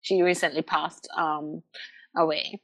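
A middle-aged woman, a guest telling personal stories in an interview, animated and repeating words as she restarts sentences. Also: sits low, a little slow. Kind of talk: candid conversational interview.

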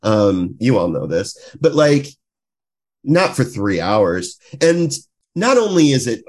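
A man co-hosting a casual podcast, talking in an animated way and reacting with incredulous swearing. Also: medium pitch, measured pace. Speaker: podcast co-host.

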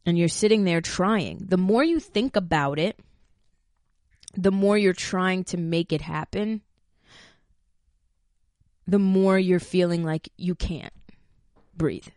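A woman's voice: on the low side, takes it slowly, pauses often, a little mellow, no echo, clean studio sound. A woman podcast host candidly telling a personal story, frank and full of swearing. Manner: frank and profane, talks straight to listeners.

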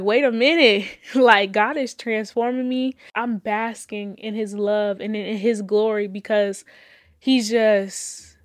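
A woman's voice: mid-range voice, no echo, clean studio sound. A woman telling her personal faith testimony with fervor, repeating phrases, laughing between lines and holding back tears. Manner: casual, addresses listeners as y'all.

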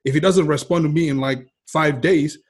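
A man in casual chat, animated and laughing as he acts out messages to friends. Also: on the high side, moderate pace, breathy edge.

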